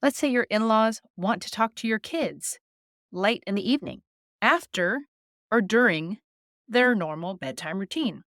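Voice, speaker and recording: A woman hosting an advice podcast, calmly coaching listeners and modeling short, firm replies to say. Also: mid-range voice, unhurried, no echo, clean studio sound. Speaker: podcast host.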